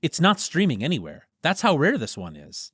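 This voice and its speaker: Teasing cheerful young woman, raised pitch, lively, dry audiobook sound, voiced by a man. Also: normal speed, dry recording, heavily acted. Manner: teasing, upbeat. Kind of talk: audiobook character voicing.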